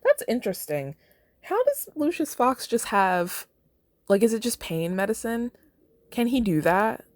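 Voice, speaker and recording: A woman's voice: on the high side, sing-song, measured pace, dry recording. An American woman hosting a podcast, casually commenting on her own fan fiction with lots of "like" and laughter. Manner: chatty, lots of "like", breaks into laughter. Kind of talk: casual commentary and read-aloud.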